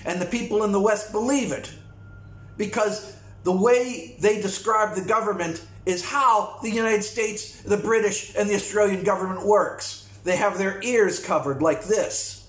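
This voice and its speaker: A man's voice: high voice, a little slow. Blunt, profane man in an echoey room. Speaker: vlogger. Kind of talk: monologue rant to camera.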